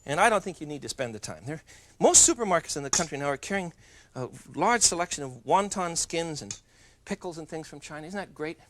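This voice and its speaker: A man's voice: on the high side, lively intonation, fairly quick, fairly bright tone, a little hiss or hum. A man hosting a TV cooking demonstration, chatty and playful, joking with viewers as he works. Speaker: TV cooking show host.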